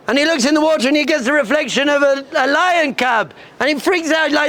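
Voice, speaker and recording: A rabbi with an extremely high pitch speaks briskly in an energetic pep talk to yeshiva students. Through a story he performs bleating sheep and a roaring lion, punctuated by emphatic lines he repeats.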